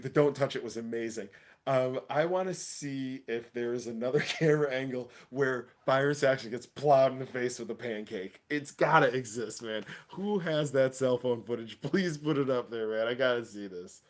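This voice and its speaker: A man chatting casually on a livestream, his voice sitting at an ordinary middle pitch. He talks excitedly in loose, slangy speech, often laughing between points. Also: moderate pace. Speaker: wrestling show host.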